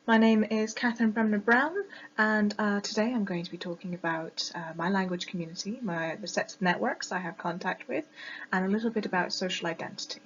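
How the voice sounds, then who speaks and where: A woman's voice: medium pitch, a little fast, highs cut off, a little hiss or hum. A woman in her twenties from Scotland, speaking with a mix of RP English and East Neuk Scottish accent, giving a class presentation with many ums and uhs. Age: 20s. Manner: explanatory, with frequent ums and uhs. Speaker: student presenter.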